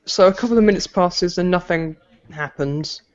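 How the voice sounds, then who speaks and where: A man's voice: sits high, moderate pace, lo-fi sound. A man running a tabletop game as game master, narrating at an easy pace with fillers.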